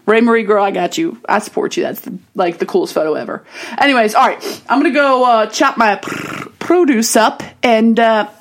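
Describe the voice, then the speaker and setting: A woman's voice: a little high, normal speed. A woman in her thirties vlogging casually to camera, telling a chatty story and giving upbeat, motivational pep talk. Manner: animated, chatty storytelling with acted-out self quotes.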